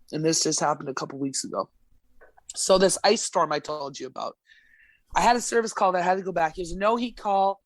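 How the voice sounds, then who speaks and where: Her voice is lowish, and there's no room sound at all. She's a gas service technician from Alberta, Canada, appearing as a podcast guest and telling stories in a blunt, profane, casual way.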